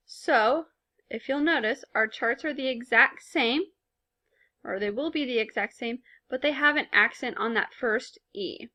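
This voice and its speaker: A woman's voice: fairly high pitch, a little slow, bright, forceful tone. A woman teaching a recorded language lesson in a patient, explanatory way, speaking with casual fillers. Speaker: Spanish teacher.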